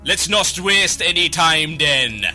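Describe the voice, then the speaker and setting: A man voicing a laid-back male troll mage trainer in a halting, mock Jamaican put-on voice. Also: on the high side, expressive, bright, forceful tone, soft background music, exaggerated voice. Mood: encouraging. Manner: halting, self-mocking put-on voice.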